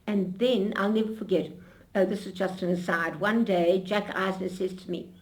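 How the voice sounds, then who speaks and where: An older woman being interviewed, telling her memories in an animated storytelling way with frequent restarts. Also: mid-range voice, moderate pace.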